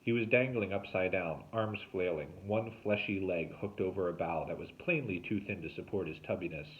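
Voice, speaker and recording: A man, a teacher, reading a novel aloud with expressive storytelling. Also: normal speed. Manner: expressive storytelling with lively pitch. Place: home, remote recording. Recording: tinny phone-like sound.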